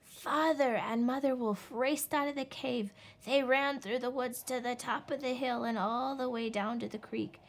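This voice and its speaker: A woman reading a picture book aloud in a slow, expressive storytelling voice. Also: a little high. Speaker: storybook reader.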